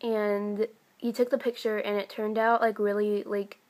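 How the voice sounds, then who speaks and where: A teenage girl from the United States telling a casual vlog story, chatty and excitable, full of "like" and "um". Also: mid-range voice, measured pace. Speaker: vlogger.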